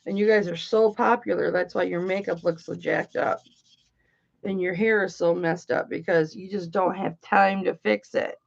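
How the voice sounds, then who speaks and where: A woman's voice: fairly low pitch, steady tone, normal speed, vocal fry, lo-fi sound. A woman hosting an online jewelry auction, chatting casually and cracking bawdy jokes while she works. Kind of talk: casual livestream selling chat.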